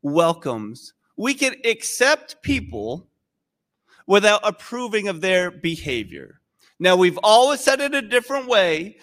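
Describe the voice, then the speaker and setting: A male pastor giving a sermon in a conversational, animated storytelling way. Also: sits high, a little slow.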